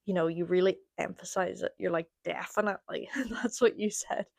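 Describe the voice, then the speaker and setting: A woman's voice: fairly low pitch, normal speed, creaky, darkish tone, husky, no room sound. Chatty Irish woman podcast host. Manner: chatty, demonstrating word pronunciations. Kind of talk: casual chat.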